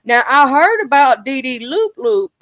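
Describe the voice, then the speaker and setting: A woman hosting a casual livestream gossip chat, animated and talkative, breaking into sudden high exclamations. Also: unhurried, no room sound. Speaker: livestream host.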